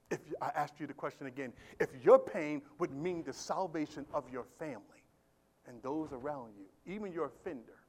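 Fiery preacher with a high voice. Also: male voice, normal speed, husky. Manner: swings from quiet talk to loud shouted emphasis; asks the congregation questions. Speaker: pastor. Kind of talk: sermon. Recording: live church sermon audio.

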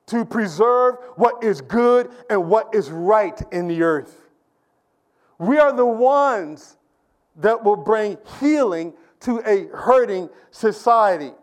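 A pastor preaching a Sunday sermon to his congregation, building from a quiet discussion into emphatic, repetitive calls and questions to the room. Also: high voice.

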